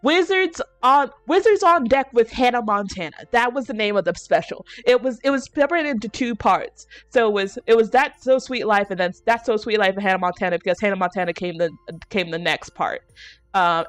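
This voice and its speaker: A woman's voice: mid-range voice, no room sound. A young adult woman chatting on a casual stream, telling rambling stories, laughing often and swearing casually. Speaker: VTuber streamer.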